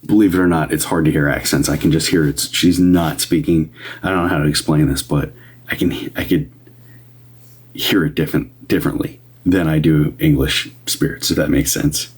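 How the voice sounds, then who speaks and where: Low-voiced man chatting on a livestream. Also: steady tone, normal speed, slightly rough. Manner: chatty, greets viewers in a higher upbeat voice; drops to a soft whisper at times. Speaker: medium doing live readings. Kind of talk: casual livestream chat.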